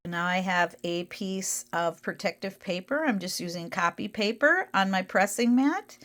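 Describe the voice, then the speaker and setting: A woman's voice: mid-range voice, a bit bright. A woman hosting a crafting tutorial who explains each step and setting methodically as she works.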